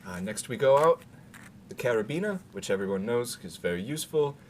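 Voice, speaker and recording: A man speaking in a put-on British accent, rambling through a casual gear walkthrough with halting fillers and dry asides. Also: mid-range voice, lively intonation, a little hiss or hum. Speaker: gear demonstrator.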